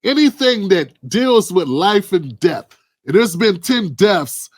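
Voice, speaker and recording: A man's voice: high voice, very animated, slow pace. Blunt, emphatic man commentator. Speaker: political commentary host. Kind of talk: heated political commentary.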